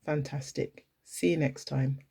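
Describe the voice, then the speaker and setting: A woman's voice: a bass voice, steady tone, a little slow, creaky, dark tone, slightly rough. A woman teaching a phonics lesson to young children from home, in an exaggerated sing-song way, playfully pretending to make mistakes. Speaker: early years teacher.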